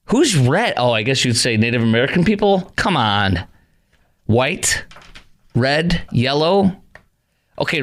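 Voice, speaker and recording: A man's voice: on the high side, a bit bright. A middle-aged man hosting a call-in talk radio show, sarcastic and exasperated, scoffing at what he reads out.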